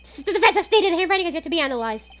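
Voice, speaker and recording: A woman's voice: very high voice, expressive, racing, fairly bright tone, pitched above the performer's own voice. A woman voicing a cautious, fussy elderly male judge in a courtroom game, speaking in a hesitant, formal way. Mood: stern.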